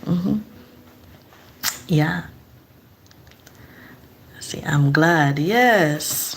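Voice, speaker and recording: A woman's voice: lowish voice, very slow, pauses often. A young woman from Nigeria chatting casually with her live-stream audience, laughing often and repeating herself.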